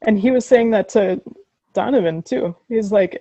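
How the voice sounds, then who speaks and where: Woman, low gravelly voice, mellow tone, casual podcast chat, dry. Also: moderate pace, no room sound, highs cut off. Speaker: podcast co-host.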